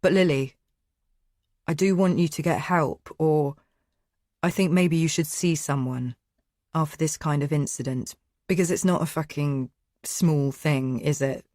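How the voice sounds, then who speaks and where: A blunt young man with a foul mouth, as a woman narrator acts him out. His voice sits low and close in a dry audiobook read. He swears freely and pushes hard. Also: measured pace, dry recording. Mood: coaxing, calmer. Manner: shouting, sweary, then coaxing. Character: angry young male neighbour, blunt and swearing.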